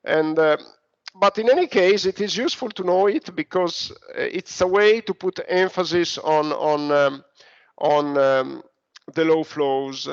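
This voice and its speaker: A man's voice: a little high, measured pace. A man with an Italian accent giving an online university lecture, hesitant, with many fillers and restarts. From Italy. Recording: dull lo-fi recording.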